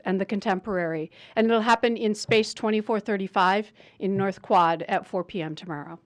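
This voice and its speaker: A woman with a Midwestern American accent, giving a formal introduction of a guest speaker at a university lecture. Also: fairly high pitch. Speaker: event host introducing a speaker.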